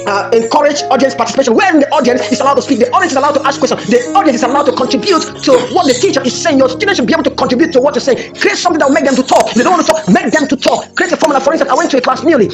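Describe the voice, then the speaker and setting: A man giving a workshop lecture to teachers, emphatic and repetitive, telling classroom stories. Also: very high voice. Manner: emphatic, repeats phrases, tells classroom stories. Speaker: teacher trainer.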